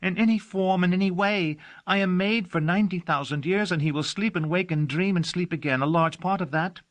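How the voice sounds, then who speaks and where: A man's voice: high-pitched, a little fast, a bit bright, dry recording, voice pushed up. A man reading an audiobook, voicing a devoted young female servant who talks earnestly and dotingly. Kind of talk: audiobook character voice.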